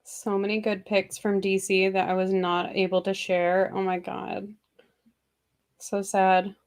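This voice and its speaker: A woman's voice: mid-range voice, little pitch movement, unhurried. A young woman chatting casually with her viewers on a livestream from home, rambling and talking to them by name. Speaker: livestream host.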